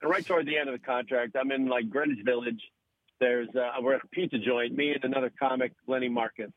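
A man's voice: medium pitch, fast, no echo, phone-quality sound. A man guesting on a radio show, telling a story in casual chat. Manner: animated, laughs while telling stories. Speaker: podcast host guest.

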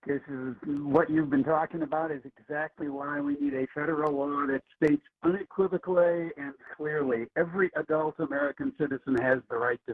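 Emphatic male caller on tinny phone. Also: a little high. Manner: emphatic, listing points, rushed. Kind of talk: call-in comment. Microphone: telephone.

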